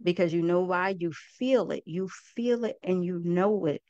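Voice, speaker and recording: A woman's voice: fairly low pitch, moderate pace, mellow, no room sound, muffled recording. A woman hosting a group talk for an online audience, speaking in a heartfelt, folksy way and often calling her listeners "y'all". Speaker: host and project founder.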